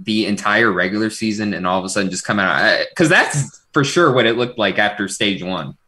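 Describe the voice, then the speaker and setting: A man co-hosting a podcast, chatting in an animated, easygoing way about racing. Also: on the low side, a little fast. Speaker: podcast co-host. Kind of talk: casual motorsport chat.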